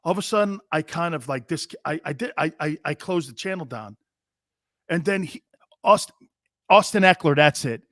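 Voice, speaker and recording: A middle-aged man hosts a sports talk show in a rambling, animated, profane way. His voice sits a bit high for a man. The sound is close and dry. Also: normal speed, dry recording. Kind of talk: casual sports talk banter.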